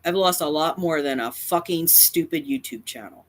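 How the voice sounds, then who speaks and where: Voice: mid-range voice, moderate pace. A YouTuber speaking straight to camera in a confrontational rant, defiant and emphatic, often repeating lines for effect. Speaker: cat advocacy YouTuber.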